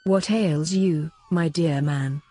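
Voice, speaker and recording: Calm, pleasant priest, husky and dark-toned, read by a woman. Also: fairly low pitch, normal speed, no room sound, soft background music. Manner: calm and friendly, then stern warning. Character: calm, pleasant old male missionary priest.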